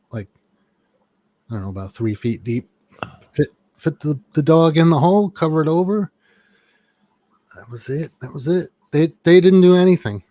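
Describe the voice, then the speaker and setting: A man's voice: mid-range voice, dark tone, no room sound. Middle-aged man, casual chat, swears often, rambling, dry close sound. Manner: rambling, profane storytelling.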